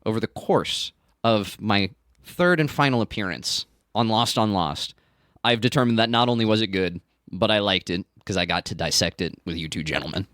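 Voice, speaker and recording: A man's voice: lowish voice, moderate pace, no room sound, clean studio sound. A man appearing as a podcast guest, giving an earnest, thought-through opinion on a TV episode in casual chat. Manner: earnest, thinks aloud, lively delivery.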